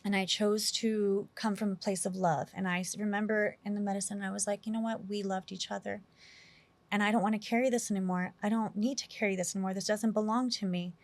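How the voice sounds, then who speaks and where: A woman's voice: mid-range voice, fairly even intonation, fairly quick, no room sound. Candid woman telling a personal story. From New York City. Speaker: interview guest.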